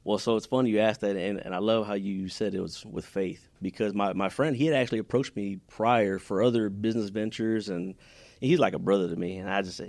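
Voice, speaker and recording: A man's voice: lowish voice, fairly even intonation, fairly quick, a little mellow, dry recording. A man from Houston, Texas, talking as a podcast guest in an earnest, heartfelt way, often restarting his sentences. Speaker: podcast guest, business owner. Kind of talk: casual interview chat.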